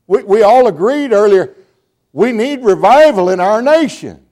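A middle-aged man, preaching a sermon and telling his testimony with emotion, shouting at times and stammering as he restarts words. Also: sits high, animated, measured pace.

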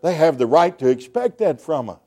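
A middle-aged man, preaching a sermon and telling his testimony with emotion, shouting at times and stammering as he restarts words. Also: fairly high pitch, big pitch swings, a little fast.

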